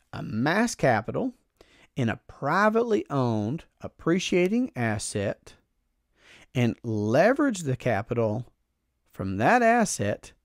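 A man's voice: mid-range voice, no room sound, clean studio sound. A man hosting a podcast, explaining a finance idea in an earnest, emphatic way and often repeating his phrases. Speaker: podcast host.

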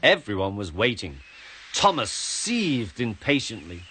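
A man with a British accent reading a children's storybook aloud in an expressive way, with music playing behind. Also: mid-range voice, slow pace, slight background noise.

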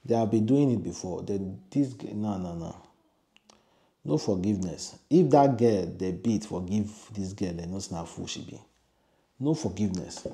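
Emphatic Nigerian man, dark lively voice. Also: fairly low pitch, normal speed. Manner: emphatic, repeats "no, no, no". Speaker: commentator. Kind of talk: opinionated video commentary.

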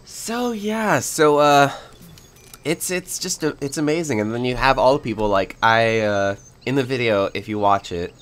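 A man's voice: medium pitch, lively intonation, normal speed. A young man hosting a casual game video, rambling with lots of fillers and little laughs. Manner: rambling, filler-heavy, giggly. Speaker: gaming YouTuber. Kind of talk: casual let's-play chat.

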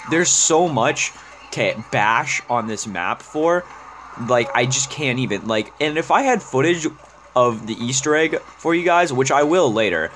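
A man rants about a game he hates, his voice leaping high and dropping low as he swears. His pitch sits in the middle of the usual range. Steady background noise runs under his commentary. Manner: exasperated, profane ranting, swinging pitch up and down. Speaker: gaming YouTuber. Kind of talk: gameplay commentary rant.

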